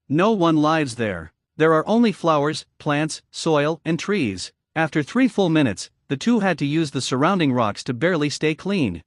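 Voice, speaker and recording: A young man narrates an anime story recap in a scripted, evenly paced delivery. His voice sits somewhat high for a man. The recording is dry and close, with no room sound. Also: dry recording.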